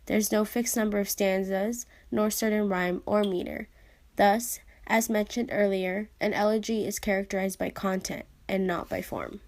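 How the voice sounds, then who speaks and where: A young woman giving an even, explanatory reading of a class presentation. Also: medium pitch, normal speed. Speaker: student presenter.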